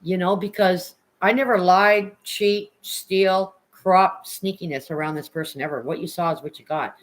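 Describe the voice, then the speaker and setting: A woman's voice: on the low side, fairly even intonation, moderate pace, low-quality recording. Frank, swearing woman livestreamer. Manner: frank and emotional, swears freely, greets chatters by name. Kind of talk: casual live-stream chat with viewers.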